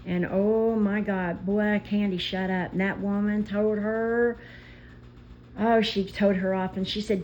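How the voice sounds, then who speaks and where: A woman vlogger telling stories in an emotional, indignant rant, pausing as she speaks. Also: medium pitch, a little mellow, muffled recording, slight background noise. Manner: indignant, impassioned storytelling with pauses. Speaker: commentary vlogger.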